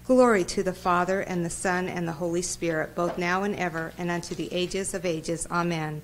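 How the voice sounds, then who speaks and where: A woman reading psalms aloud in a measured liturgical style during a church service. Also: on the low side, fairly even intonation, low-quality recording. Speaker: reader. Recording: church recording with faint noise.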